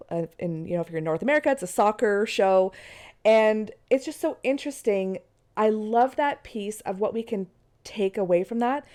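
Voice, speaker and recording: A woman's voice: fairly high pitch, mellow, clear, resonant tone. Chatty woman with a stuffy nasal voice. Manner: chatty and encouraging. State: nasal from a cold. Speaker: podcast host. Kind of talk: casual solo podcast talk. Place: in bed at home.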